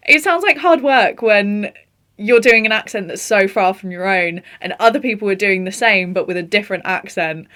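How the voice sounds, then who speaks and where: A young woman hosts a casual film review chat, gushing and animated as she runs through her favourite performances. She laughs often and lets her excitement spill over, with a voice sitting at an ordinary middle pitch. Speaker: film vlogger.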